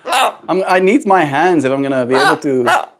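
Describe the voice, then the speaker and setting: A man's voice: a little high, very animated, moderate pace, a bit bright, voice pushed up. A man voicing his impatient pet bird as a grumbling, complaining little character.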